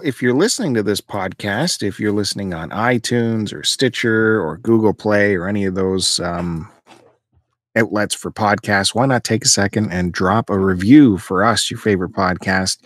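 Male podcast host, lowish voice, dry ribbing banter, casual. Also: a bit bright, no room sound.

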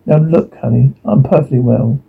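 Ricky, a brisk bandleader husband. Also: male voice, medium pitch, gravelly, breathy edge. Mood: matter-of-fact. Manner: brisk and matter-of-fact. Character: brisk practical bandleader husband, middle-aged man. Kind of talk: 1950s sitcom acting. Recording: lo-fi old TV sitcom audio.

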